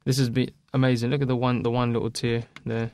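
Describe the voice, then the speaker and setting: मज़ाकिया अंदाज़ में बोलता आदमी. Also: male voice, medium pitch, flat delivery, quick pace, darkish tone, smooth. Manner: playful, teasing interjections. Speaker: actor on a commentary track. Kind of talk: casual commentary chat.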